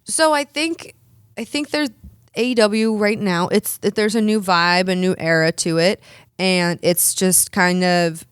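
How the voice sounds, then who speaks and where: A woman's voice: on the low side, clean tone, dry recording, clean studio sound. A woman in her thirties, a guest in an interview, telling stories in a chatty, upbeat way with frequent restarts. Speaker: pro wrestler and dentist guest. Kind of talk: casual interview answers.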